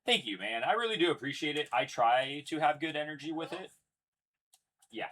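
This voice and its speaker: A man's voice: a little high, lively intonation, normal speed, pushed and bright. A young man casually announcing each card pulled as he hosts a live card break, chatty and upbeat. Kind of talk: live card-opening commentary.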